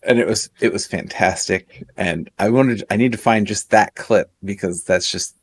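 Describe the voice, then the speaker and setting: A man's voice: on the low side, normal speed, breathy edge. A young man co-hosting a podcast in casual chat, easygoing and full of short reactions. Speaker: podcast co-host.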